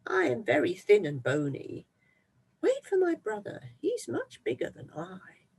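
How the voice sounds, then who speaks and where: A storyteller voicing a thin, bony, middle-sized billy goat who pleads in a high, quiet voice. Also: huge pitch swings, unhurried, creaky, husky, exaggerated voice. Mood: pleading. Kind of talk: storybook read-aloud.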